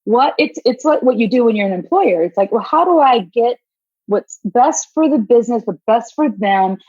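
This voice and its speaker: A middle-aged woman hosts a podcast in relaxed, frank chat with a friend. Her voice is husky and higher than most, and it leaps around as she acts out little scenes. The sound is dry and a bit dull. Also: normal speed, no echo. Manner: animated, acts out quoted voices, laughs often. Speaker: podcast host. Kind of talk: casual chat.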